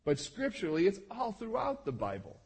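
Male pastor, animated conversational sermon, husky tone. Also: high voice, brisk. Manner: conversational, checks in with listeners, acts out quoted lines.

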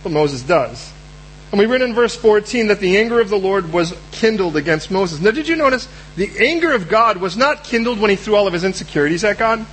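Preacher, male, high voice, animated delivery, acts out characters, slight background hum. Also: a little fast, rough recording. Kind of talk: sermon.

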